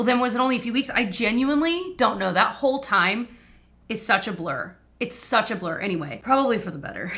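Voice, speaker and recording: A woman's voice: mid-range voice, sharp tone. A woman, chatting emotionally and laughing often as she tells a personal story to her viewers. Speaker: lifestyle vlogger. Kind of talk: casual storytelling while doing makeup.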